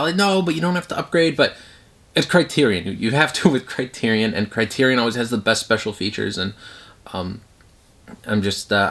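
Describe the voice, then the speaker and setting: A man's voice: on the low side, fairly bright tone. A man talking casually at home about his movie collection, rambling with many fillers and restarts.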